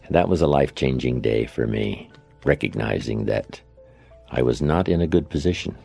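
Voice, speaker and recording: An older man delivers a motivational talk in an extremely deep, gravelly voice with a husky edge. He tells stories conversationally and checks in with his listeners, while soft music plays faintly underneath. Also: lively intonation, moderate pace. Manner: anecdotal, conversational, with tag questions. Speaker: motivational speaker. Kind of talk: storytelling speech. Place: lecture setting, played from an archive recording.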